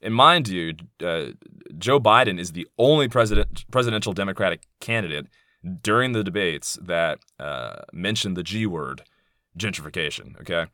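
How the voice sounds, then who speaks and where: A man's voice: low-pitched, lively intonation, moderate pace, bright, forceful tone, no echo, clean studio sound. A man in his thirties hosting a podcast in a casual monologue, speaking candidly and bluntly, swearing freely and wandering into asides. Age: 30s. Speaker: podcast host.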